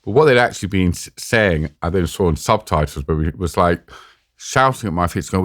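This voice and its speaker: Deep british guy, dry close mic, tells stories and mocks himself doing the voices. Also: normal speed, fairly bright tone, no room sound. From Britain. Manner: self-mocking, acts out quoted voices. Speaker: war journalist guest. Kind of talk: animated storytelling in an interview. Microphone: podcast mic.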